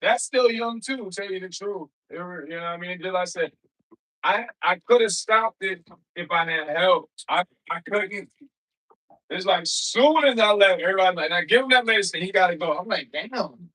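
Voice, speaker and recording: A man's voice: high-pitched, normal speed, sharp tone, rough recording. A man hosting a livestream, chatting casually and loosely with slang, rambling and calling out viewers in the chat by name. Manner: loose, slangy everyday speech. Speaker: livestream host.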